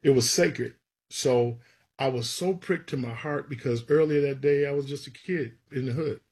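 In a storytelling interview, a gospel songwriter recounts his life and acts out the people he quotes with animation. His voice is mid-range and slightly rough, delivered at a moderate pace.

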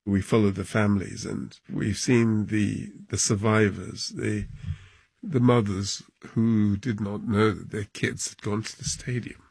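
A man with a gravelly, husky voice recalls events for a documentary interview. He speaks haltingly, with his voice sinking low at times. His pitch sits on the lower side. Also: flat delivery, darkish tone, dry recording. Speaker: football club chairman.

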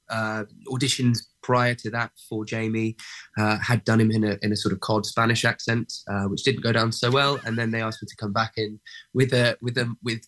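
A young man talks through his thoughts in a relaxed interview. He hesitates often, looping back with ums and restarts before landing his point. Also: mid-range voice. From England. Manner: hesitant, many fillers and restarts. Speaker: actor guest. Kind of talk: casual interview chat.

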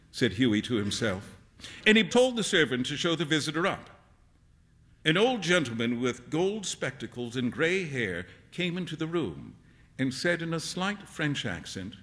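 A man's voice: on the high side, measured pace. A man performing a classic short story aloud for a live audience, voicing the characters. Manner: lively, shifts voice for characters. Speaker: stage reader.

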